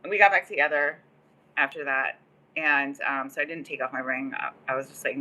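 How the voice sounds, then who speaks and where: This livestream host, a woman from the Los Angeles area, has a low-pitched, bright, forceful voice and talks a little fast. Her long personal story rambles casually, peppered with many "like"s and "um"s.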